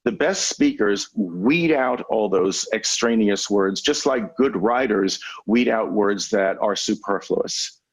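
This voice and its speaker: A man coaching lawyers on public speaking in a webinar over a video call, teaching in a measured, conversational way with deliberate pauses. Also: fairly low pitch, slightly rough, low-quality recording. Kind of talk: webinar lecture. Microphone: video call microphone.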